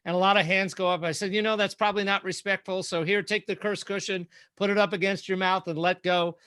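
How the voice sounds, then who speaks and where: A man speaking as a guest and keynote speaker in a casual roundtable, telling lively stories. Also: high voice, fast, smooth, no echo. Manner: lively anecdotal storytelling.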